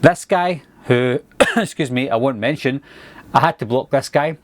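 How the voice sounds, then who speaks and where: A man's voice: medium pitch, measured pace, no echo. Easygoing Scottish man, dry close sound. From Scotland. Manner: relaxed, chatty, easygoing. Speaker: YouTube movie reviewer. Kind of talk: casual monologue to camera.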